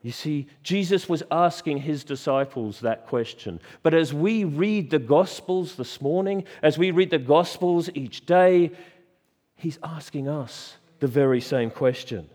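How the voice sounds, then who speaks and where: Delivering a church sermon, a man speaks with fairly high pitch and a darkish tone, trailed by long reverb. He hammers key words, pauses dramatically, and keeps repeating rhetorical questions.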